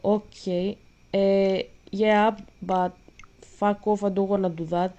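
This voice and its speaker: A woman's voice: mid-range voice, flat delivery, slow, dark tone, dull audio. A woman vlogger ranting in casual commentary while gaming, blunt and profane, a bit out of breath.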